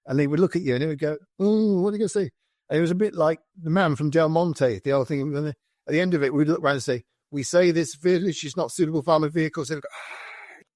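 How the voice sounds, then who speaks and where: A British man, a former soldier and podcast guest, telling lively anecdotes full of quoted dialogue in a casual conversation. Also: a little high, very fast, dry recording, studio quality. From Britain. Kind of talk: conversational storytelling.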